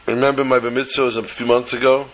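A man's voice: mid-range voice, little pitch movement, fast, fairly bright tone, natural voice, poor audio. A man voicing a young boy pleading with his grandfather over the phone, in a plaintive tone.

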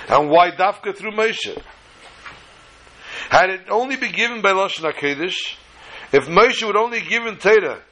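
A man's voice: high voice, sharp tone, poor audio. A man giving an earnest Torah lecture, mixing in Hebrew and Yiddish terms and telling a story.

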